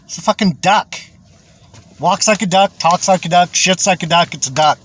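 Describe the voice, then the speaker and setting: A man's voice: high-pitched, normal speed, fairly bright tone, slight background noise. A man giving rambling religious commentary, chuckling often, repeating himself and swearing.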